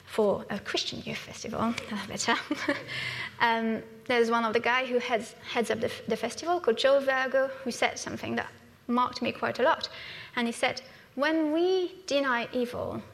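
Lady preaching, kinda high and gravelly, chatty, big echoey church hall. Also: moderate pace, fairly bright tone. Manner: conversational, keeps asking "yeah?", laughs often. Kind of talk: sermon. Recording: long hall reverb.

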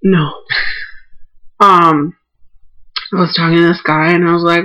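A woman's voice: fairly low pitch, flat delivery, highs cut off. Blunt, teasing woman co-host. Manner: blunt, teasing, quick to joke. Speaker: podcast co-host. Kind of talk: casual chat.

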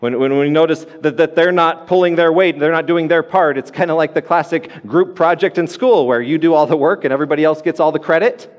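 A man's voice: fairly high pitch, brisk, few pauses, long reverb tail. A man preaching a sermon as pastor, earnest and repeating his key points for emphasis.

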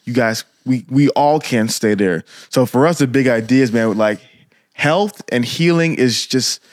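An earnest man co-hosting a podcast, encouraging listeners in a preachy, heartfelt way. His voice sits at a middle pitch. The sound is dry and close to the mic. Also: a little slow, no room sound. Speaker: podcast co-host. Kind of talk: casual podcast talk.

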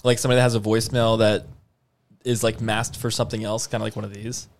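A man's voice: on the low side, level tone, quick pace, a little hiss or hum. Chatty teasing man. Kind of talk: casual chat.

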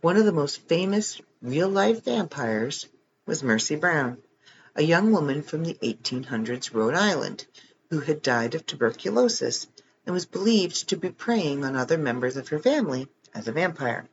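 A man's voice: on the high side, sing-song, moderate pace, muffled recording, slight background noise. A man casually reading articles aloud, adding joking comments between passages. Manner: joking, reads text then adds wry comments. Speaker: reader of online articles.

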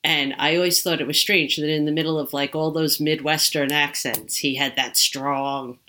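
A woman's voice: sits low, fairly even intonation, moderate pace, bright, forceful tone. A woman co-hosting a podcast, chatting casually and rambling with lots of "like" fillers. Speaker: podcast co-host. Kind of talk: casual chat.

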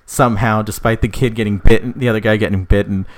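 A man casually telling a made-up story, rambling with many fillers, swearing, and voicing the characters' lines in a higher pitch. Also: steady tone, fast talker.

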